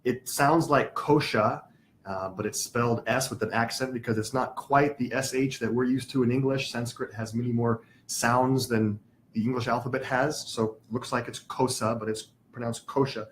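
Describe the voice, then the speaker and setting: A man lecturing a small class on spiritual teachings, with a middle-pitched voice. He explains each term patiently, spells words out and stops to put questions to his students. There is a faint hiss underneath. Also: steady tone, moderate pace.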